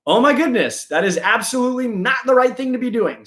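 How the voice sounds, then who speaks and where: Animated man hosting a live stream. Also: very high-pitched. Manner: animated, acts out quick impressions of sellers and customers. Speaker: host. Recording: echoey room.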